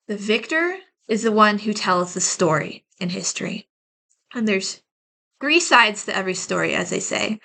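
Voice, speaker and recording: Addressing her viewers as y'all, a woman gives a casual tarot reading, chatting and rambling with plenty of "like" fillers. Her mid-range voice sounds pushed and bright.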